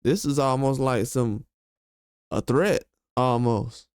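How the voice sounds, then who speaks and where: Heated man ranting, smooth dry voice. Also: medium pitch, slow pace, a little mellow, no echo. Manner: heated, slangy, emphatic, repeats himself. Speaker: commentary channel host. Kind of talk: casual commentary rant.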